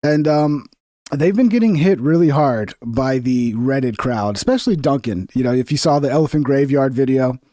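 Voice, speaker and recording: A man's voice: medium pitch, moderate pace, dark tone, no room sound, clean studio sound. A young man hosting a casual livestream, talking bluntly and sarcastically with lots of swearing. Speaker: streamer reacting to news.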